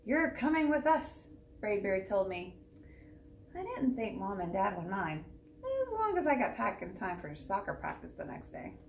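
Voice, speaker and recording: Expressive woman reading a children's story. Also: medium pitch, moderate pace, gravelly. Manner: lively, expressive storybook narration. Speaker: children's librarian. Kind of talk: children's storytime read-aloud. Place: library. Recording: roomy echo, distant mic, faint background hum.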